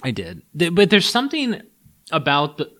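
A man co-hosting a casual food-tasting podcast, talking in a rambling, animated way and swearing now and then. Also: fairly high pitch, normal speed. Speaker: podcast co-host. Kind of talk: casual chat.

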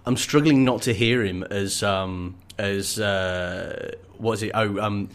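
A man's voice: on the low side, slow. A man co-hosting a casual chat, joking and breaking into comic voices as he talks. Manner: animated, jokey, slips into comic voices. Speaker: podcast co-host.

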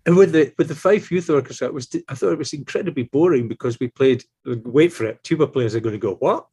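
A man in his sixties, a tuba player and teacher, telling stories in a relaxed, animated way and acting out the voices he quotes. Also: medium pitch, quick pace, a little hiss or hum. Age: 60s. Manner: animated, acts out quoted voices, chuckles often. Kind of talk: relaxed anecdotal storytelling.

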